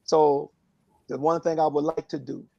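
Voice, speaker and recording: A man speaking earnestly and reflectively on a phone prayer line, in a halting way with many fillers. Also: fairly high pitch, flat delivery, vocal fry, mellow, no room sound, muffled recording.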